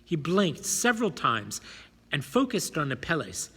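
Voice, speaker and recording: Dramatic male audiobook reader, lively pitch, husky tone. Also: measured pace. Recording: long hall reverb.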